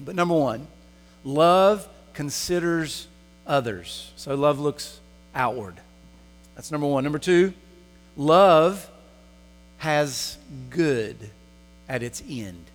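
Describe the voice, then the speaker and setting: A man's voice: on the high side, expressive, takes it slowly, pauses often. A man preaching a sermon in a church, asking the congregation rhetorical questions. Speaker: pastor. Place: church sanctuary. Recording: long hall reverb.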